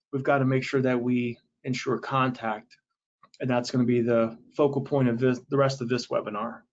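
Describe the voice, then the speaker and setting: A man talks through a technical webinar in an easy, conversational manner. He explains step by step, often pausing on fillers and restarting his sentences, at a mid-range pitch. The audio sounds a little dull and lo-fi. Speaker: webinar presenter.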